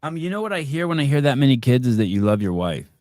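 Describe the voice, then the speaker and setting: A man's voice: mid-range voice, fast, no room sound. Man with a dry, close voice. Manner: relaxed anecdotal, self-deprecating. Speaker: podcast host. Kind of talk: casual chat.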